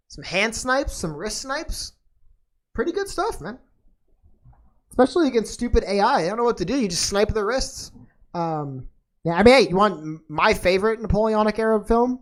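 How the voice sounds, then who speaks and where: Rambling laid-back woman podcast host. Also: medium pitch. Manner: rambling and tangential, with many fillers and restarts; laid-back and slangy, calling listeners dude and man. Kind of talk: casual chat.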